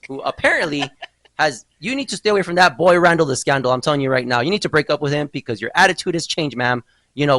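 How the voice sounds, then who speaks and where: A man hosting a casual podcast, his voice bright and a touch high. He swings widely in pitch as he spins a story with theatrical mock outrage, and the sound is close and dry. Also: no room sound, poor audio. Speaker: podcast host.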